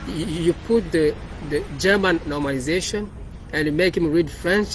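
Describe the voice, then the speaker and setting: Man, slightly high voice, rambling code walkthrough, faint street noise. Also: normal speed. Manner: rambling, repeats and restarts phrases. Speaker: developer presenting his project.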